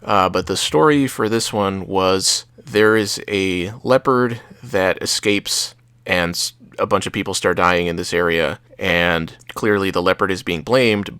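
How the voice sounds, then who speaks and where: A man's voice: deep voice, normal speed, bright, forceful tone, smooth, no echo. A young man co-hosting a casual movie chat, rambling and hesitant, with many restarts. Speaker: podcast co-host.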